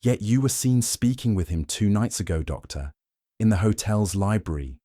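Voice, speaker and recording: A man voicing a polite, probing older detective in an audiobook, smooth and gently insistent. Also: lowish voice, normal speed, dry recording, clean studio sound, voice pushed up, close to an everyday voice. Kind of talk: audiobook character voice.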